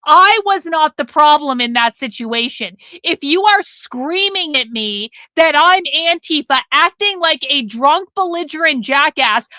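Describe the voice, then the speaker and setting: A woman host with a high, bright and sharp voice, talking in a sarcastic, profane and mocking way as she reacts on a livestream. The sound is dry and close, with no room around it. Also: no echo. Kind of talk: casual livestream commentary.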